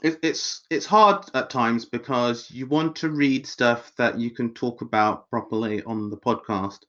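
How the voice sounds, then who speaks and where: A male co-host chats casually. His speech is hesitant and rambling, full of fillers. His mid-pitched voice comes through a slightly dull, lo-fi recording. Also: measured pace, fairly bright tone. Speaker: podcast co-host. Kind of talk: casual chat.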